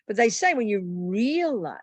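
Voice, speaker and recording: Lively, blunt woman giving a dharma talk. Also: medium pitch, a little slow, no room sound. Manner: blunt, animated, plain-spoken with humour. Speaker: Buddhist nun teaching a retreat. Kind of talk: meditation teaching talk.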